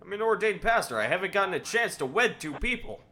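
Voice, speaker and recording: Squeaky excitable dopey cop guy, a streamer doing the voice, jumps way up high. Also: quick pace, a little hiss or hum, exaggerated voice. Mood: gleeful. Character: goofy overeager male cop, self-declared pastor.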